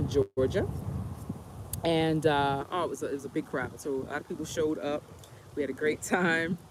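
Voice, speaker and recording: Sitting on a bench outdoors, a travel vlogger with a deep voice rambles casually on a storytime livestream, using many fillers. There's a noisy background.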